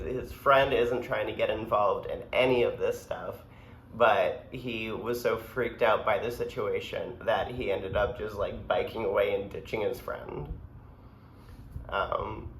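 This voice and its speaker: A man's voice: lowish voice, fairly bright tone. A man telling a personal story in a casual, rambling way, full of fillers. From United States. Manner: laid-back, rambling, filler-heavy. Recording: echoey room, faint background hum.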